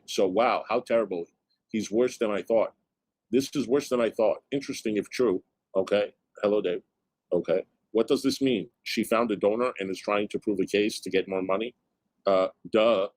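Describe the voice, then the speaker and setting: A man running a livestream talks in a slightly low voice, tossing out blunt, wry reactions to chat. The sound is close and dry with no room around it. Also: moderate pace, darkish tone, dry recording. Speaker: streamer host. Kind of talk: casual livestream commentary.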